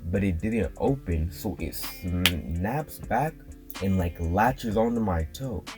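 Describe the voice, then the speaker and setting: Low-voiced young man telling a story over guitar. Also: slow pace. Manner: slangy, animated retelling with fillers. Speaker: vlogger. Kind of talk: casual storytelling. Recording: guitar music playing underneath.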